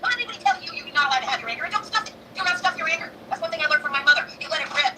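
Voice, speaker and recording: A woman's voice: high voice, animated, very fast. A woman ranting heatedly and profanely on a livestream, in a clip played back from a distance with background noise. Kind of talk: angry livestream rant.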